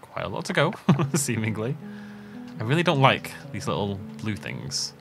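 A man's voice: fairly low pitch, huge pitch swings, normal speed, a bit bright, soft background music. A man hosting a let's play, commenting casually on a farming game with rambling, self-interrupting asides and chuckles.

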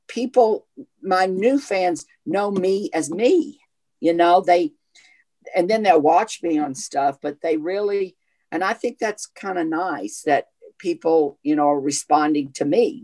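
A man with a strong Southern US accent and a voice he calls gay, talking as an actor guest in an interview. He tells his stories in a chatty, animated way, hopping from thought to thought. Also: fairly high pitch, measured pace. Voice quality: self-described gay voice. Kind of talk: casual interview chat.

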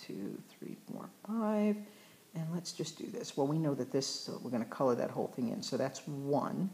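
Low-voiced woman teaching math. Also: mellow, slight background noise. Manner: chatty, encouraging, self-correcting. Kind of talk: recorded math lesson.

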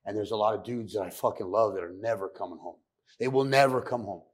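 A man from California, a podcast guest, telling his story candidly in a soft-spoken, profane, reflective way. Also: lowish voice, fast talker, breathy edge. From San Fernando Valley, California.

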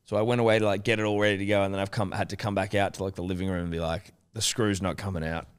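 Australian man telling stories, smooth low voice. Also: very fast. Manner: lively storyteller, swears freely, acts out quotes. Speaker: podcast co-host. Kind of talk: casual chat.

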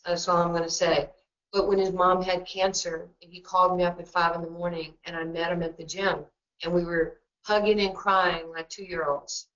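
A woman with a New York accent, a basketball coach speaking in a webinar, blunt and joking, telling stories quickly with many asides. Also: on the low side, steady tone, a bit bright. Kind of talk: webinar talk. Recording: dull lo-fi webinar audio.

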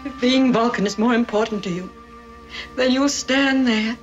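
A woman's voice: fairly high pitch, moderate pace, muffled recording, music in the background, close to an everyday voice. An actress playing an emotional, insistent human mother married to a Vulcan. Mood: pleading.

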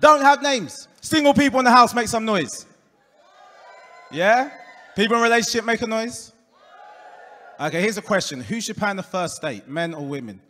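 High, bright-voiced Essex comedian in a reverberant club. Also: male voice, normal speed, long pauses. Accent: Essex English. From England. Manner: deadpan punchlines, crowd work, puts on voices for quoted people. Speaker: stand-up comedian. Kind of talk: stand-up comedy set. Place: comedy club stage before a live audience. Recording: live club room with long reverb.

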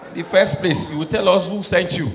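A man from Nigeria with a Nigerian accent doing stand-up comedy, acting out voices and swinging from soft asides to shouted punchlines. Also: high voice, brisk. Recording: echoey hall, noisy live room.

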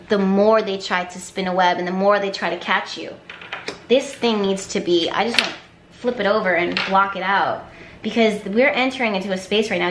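A woman's voice: medium pitch, a bit bright, echoey room, a little hiss or hum. A woman giving an intuitive tarot reading to camera, talking emphatically with repetition and flashes of exasperation. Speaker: tarot card reader.

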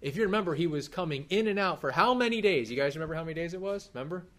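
Racing along in a voice on the high side, a pastor in his thirties preaches conversationally and with animation in a church hall, firing questions at the congregation.

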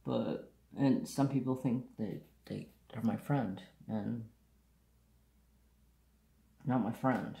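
A man's voice: mid-range voice, slow, gravelly, long pauses, warm tone, reverberant. A man chatting casually to camera, telling a rambling story and sidetracking often, with blunt, offhand asides. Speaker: craft vlogger.

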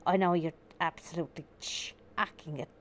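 A woman's voice: lowish voice, moderate pace, a little hiss or hum, close to an everyday voice. Woman doing a stammering Irish goose. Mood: teasing, impatient. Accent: Irish, put on. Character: chatty goose with an Irish accent.

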